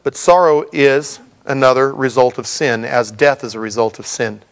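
A man's voice: mid-range voice, moderate pace. A middle-aged man preaching a sermon in a conversational way, with humorous asides to the congregation. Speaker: pastor.

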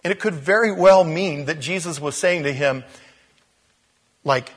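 A man's voice: a little high, measured pace, long pauses, fairly bright tone. A man preaching a conversational sermon, telling the story informally with asides and acting out the quotes.

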